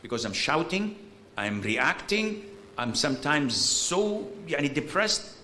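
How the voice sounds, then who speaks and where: A male Islamic preacher speaks in a fairly high, bright, forceful voice. He is blunt and animated, mixing Arabic religious words into his English and breaking into exasperated, humorous emphasis. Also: measured pace, a little hiss or hum. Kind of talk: informal lecture answering a question.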